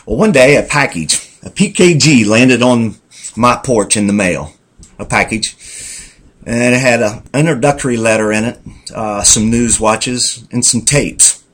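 A church member gives an earnest, reflective testimony in a folksy, rambling storytelling style, even addressing himself as "Self". His voice is medium-pitched and a bit bright, at a measured pace.

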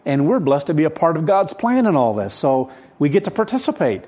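A man in his seventies preaching a sermon, rushed and rambling with frequent restarts, keyed up and hurried. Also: on the high side, sing-song, warm tone. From United States. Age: 70s. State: adrenaline-charged, hurried. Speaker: pastor. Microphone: camera set up for recorded service.

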